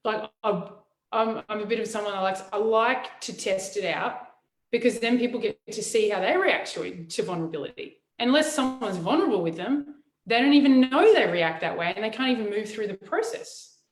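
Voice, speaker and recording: A woman's voice: mid-range voice, animated, reverberant, low-quality recording. A woman speaking frankly in a casual chat, often restarting her sentences. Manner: frank, halting, many restarts.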